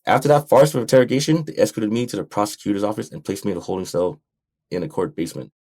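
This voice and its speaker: An American man with a lowish, slightly mellow voice reads his own memoir quickly for an audiobook. His delivery is blunt and wry, with the occasional profanity.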